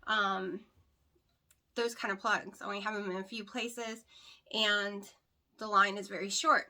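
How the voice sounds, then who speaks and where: This keto weight-loss vlogger speaks in a mid-range voice with a flat, pushed, bright delivery, a little on the slow side. Filming a casual vlog indoors at home on a tripod-mounted camera with a light, she chats frankly and bluntly in a rural American country accent, saying things more than once to stress them.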